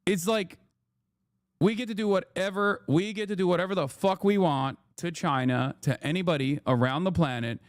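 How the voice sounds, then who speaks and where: Dude streamer ranting about news, swears a lot, mocking, kinda high voice, dead dry mic. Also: male voice, a little fast, few pauses, no echo. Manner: profane, sarcastic, mocking voices in his quotes. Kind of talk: casual political commentary.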